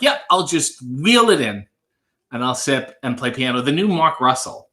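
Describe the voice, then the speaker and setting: A man's voice: mid-range voice, expressive, normal speed, bright, forceful tone. A man in his thirties hosting a live stream, reading out viewer comments with a dry, offhand humor.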